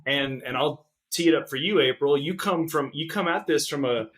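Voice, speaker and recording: A man co-hosting a retirement planning podcast, speaking in a measured way and setting up questions for the guest. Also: a little high, a bit bright. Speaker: podcast co-host. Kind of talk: casual podcast chat.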